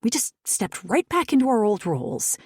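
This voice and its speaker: A woman's voice: a little high, big pitch swings, normal speed, darkish tone, husky, no room sound, studio quality, pitched above the performer's own voice. Woman reading Zoe, a frustrated doctor. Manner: frustrated, blunt. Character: exasperated woman doctor, old friend.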